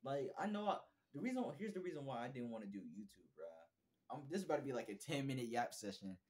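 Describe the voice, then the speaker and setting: A man's voice: mid-range voice, sing-song, quick pace, darkish tone. A young man telling a rambling, candid story in a casual vlog, full of slang and repeated bro and bruh. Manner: self-reflective, candid. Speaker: vlogger.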